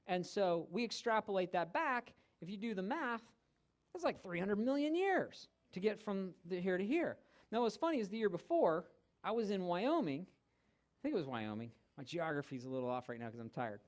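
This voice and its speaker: Animated man teaching in a church. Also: sits high, moderate pace. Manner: animated storytelling with humor. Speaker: guest teacher. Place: church hall.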